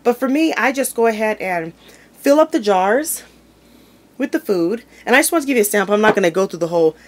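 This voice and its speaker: A woman's voice: mid-range voice, animated, brisk. A woman hosting a home cooking video, talking casually and informally while she opens jars and plates food in her kitchen. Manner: chatty and informal, talks while handling food.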